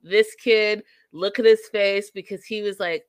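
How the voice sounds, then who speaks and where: A woman's voice: medium pitch, unhurried, clear, resonant tone, no room sound. A woman hosting a casual reality TV recap show, talking animatedly, laughing and acting out what people said. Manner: animated, laughing, acts out quotes. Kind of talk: casual recap and review chat.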